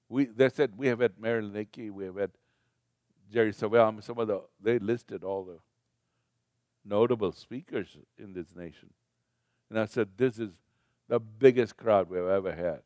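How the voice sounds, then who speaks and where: A man's voice: lowish voice, normal speed, long pauses, darkish tone, no room sound, studio quality. An older man giving a sermon as a preacher, talking in a conversational way and putting questions to the congregation.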